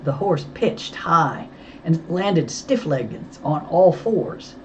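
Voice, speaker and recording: Low, lively woman narrator for a storybook; dull, lightly hissy recording. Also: takes it slowly. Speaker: audiobook reader.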